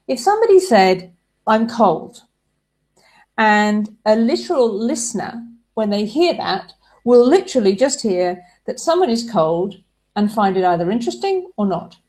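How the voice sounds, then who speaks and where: A woman's voice: medium pitch, sing-song, normal speed, dark tone. A woman giving a relationship advice talk, explaining ideas through everyday examples.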